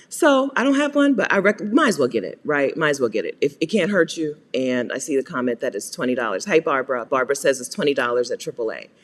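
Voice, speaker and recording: American woman host for live Q&A, animated pitch, talks in a hall with long reverb, laughs often. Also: slightly rough. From United States. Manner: chatty, laughs often, greets viewers by name. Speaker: host answering viewer questions. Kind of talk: live Q&A chat.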